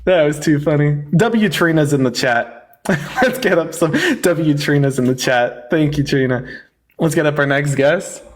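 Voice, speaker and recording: A man's voice: on the high side, slight background noise. Combative young male livestream host. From rural Pennsylvania, US. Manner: fast, combative, laughs often. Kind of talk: livestream debate chat.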